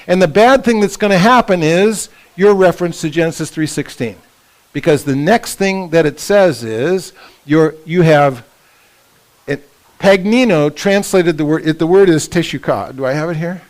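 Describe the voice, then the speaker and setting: An older man teaching a Bible session at a couples retreat, lively and often checking in with the audience. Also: high voice, unhurried, low-quality recording. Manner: lively, asks the audience for agreement. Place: conference room at a resort.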